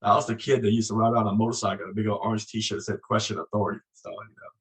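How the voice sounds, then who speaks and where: A man's voice: lowish voice, rapid-fire, rough recording. A man in his sixties, originally from Vietnam, telling stories as an interview guest and acting out the voices he quotes. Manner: animated storyteller, acts out quoted voices. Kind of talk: casual storytelling interview.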